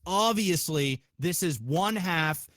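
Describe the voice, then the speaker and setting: A man hosting a podcast, chatting casually in an excitable, profane way with lots of restarts. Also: on the high side, slow, dry recording. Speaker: podcast host.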